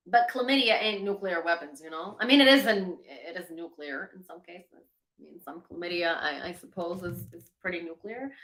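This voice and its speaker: A woman hosts a livestream news commentary in a chatty, sarcastic manner. Her voice is bright and carries in an echoey room. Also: mid-range voice. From Ukraine. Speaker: host.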